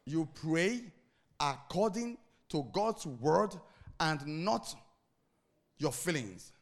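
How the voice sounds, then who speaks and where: Male pastor, sermon, fairly high voice, very lively pitch, repeats phrases, call-and-response questions. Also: slow pace, gravelly. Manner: repeats key phrases for emphasis.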